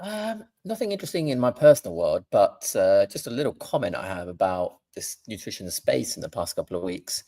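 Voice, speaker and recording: Earnest male co-host, lowish voice, dry close sound. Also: big pitch swings, a little fast, hardly any pauses, mellow, no echo. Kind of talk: live Q&A chat.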